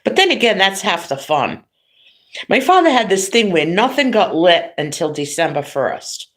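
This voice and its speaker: A woman's voice: on the low side, very animated, moderate pace, a bit bright. A middle-aged woman hosting a livestream, telling family stories in a chatty way and laughing often. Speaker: livestream host. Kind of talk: casual chat.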